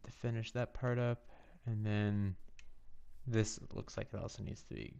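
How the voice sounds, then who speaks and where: A man's voice: lowish voice, flat delivery, a little slow, vocal fry, warm tone, clear, resonant tone, muffled recording. A man streaming a video game, giving casual commentary and muttering to himself, sometimes dropping to a whisper.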